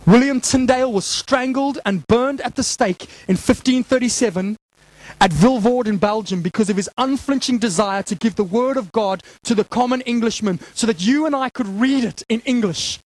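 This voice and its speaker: High-voiced impassioned male preacher. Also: moderate pace, poor audio. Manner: impassioned, emphatic preaching with rhetorical questions. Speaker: pastor. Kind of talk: sermon. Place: church hall before a congregation.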